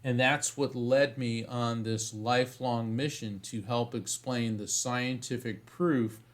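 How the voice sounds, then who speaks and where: With a medium-pitched voice, an interviewed psychic medium recounts a story with lots of energy, frequently going back to restart his phrases.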